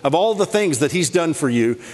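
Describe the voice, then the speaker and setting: A man preaching a sermon in a lively, playful way, rattling off scripture references. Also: on the high side, moderate pace. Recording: long hall reverb.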